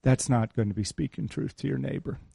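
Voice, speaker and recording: Dark-voiced man preaching a casual sermon. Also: medium pitch, fairly quick, vocal fry, slightly rough, dry recording, clean studio sound. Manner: conversational, repeats key phrases for emphasis; teasing, joking asides with the congregation. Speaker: pastor. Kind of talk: informal sermon.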